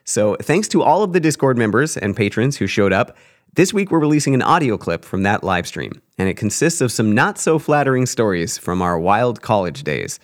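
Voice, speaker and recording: Animated man telling stories, lively pitch. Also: normal speed. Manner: animated, laughing while telling embarrassing stories. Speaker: podcast co-host. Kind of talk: casual storytelling chat.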